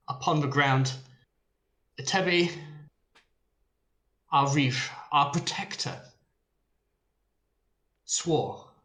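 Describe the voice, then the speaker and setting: Pompous herald, formal and proclaiming, bright tone, man voicing, roomy echo. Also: fairly high pitch, pitched above the performer's own voice.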